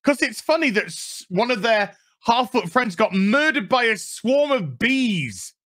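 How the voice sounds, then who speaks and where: A man's voice: extremely high pitch, big pitch swings, unhurried, fairly bright tone. A man with a Yorkshire accent ranting sarcastically through a TV episode review, swearing often. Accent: Yorkshire English. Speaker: TV review vlogger.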